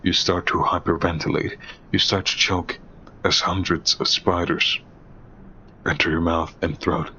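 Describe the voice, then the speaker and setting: A man narrating a second-person horror story in a slow, deliberate, ominous way. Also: deep voice, level tone, bright, forceful tone, dull audio, slight background noise.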